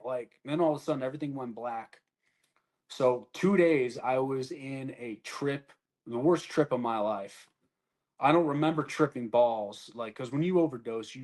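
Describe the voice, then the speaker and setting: A man of middle pitch tells his own story in a loose conversation. He swears freely, talks bluntly, and acts out the voices of the people he describes. His manner is casual and unpolished, like an army soldier recounting events.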